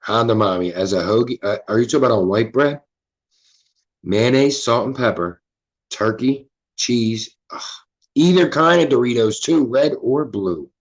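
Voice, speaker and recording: A man's voice: mid-range voice, normal speed, lo-fi sound. A man hosting a casual livestream, laid-back and profane, reading the chat aloud. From Philadelphia. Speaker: livestream host.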